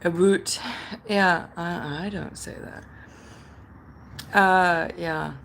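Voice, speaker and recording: Canadian lady rambling to her stream chat, low gravelly voice, faint hum behind. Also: fairly even intonation, extremely slow, fairly bright tone. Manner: chatty, rambling, full of fillers and restarts; reads out chat comments and replies. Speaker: livestream host. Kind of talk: casual chat with stream viewers.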